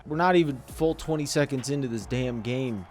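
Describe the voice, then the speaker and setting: A man's voice: mid-range voice, normal speed. A young man giving casual, joking commentary over a football video game, trash-talking his players as he plays. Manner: loud, joking trash talk at the screen. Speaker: gaming commentator.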